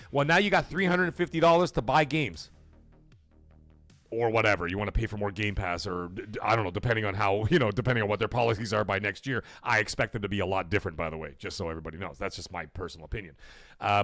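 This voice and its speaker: A man hosting a gaming livestream, ranting in a casual, animated way with big jumps in pitch and loud bursts, swearing freely. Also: quick pace, faint music behind.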